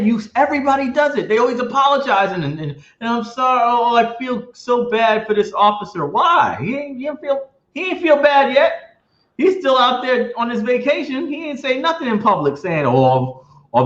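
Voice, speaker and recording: A man hosting a casual video-call interview, outspoken and animated, laughing often. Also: sits high, roomy sound, muffled recording. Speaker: interview host, comic company head.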